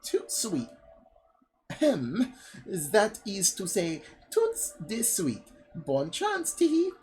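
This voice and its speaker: A woman voicing a scheming female game merchant, reading the dialogue slowly with an exaggerated, stereotyped French accent. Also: medium pitch, wildly swooping pitch, darkish tone, pitched above the performer's own voice, rough recording. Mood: dramatic. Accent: put-on stereotyped French. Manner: slow, drawn-out, hammy line reading.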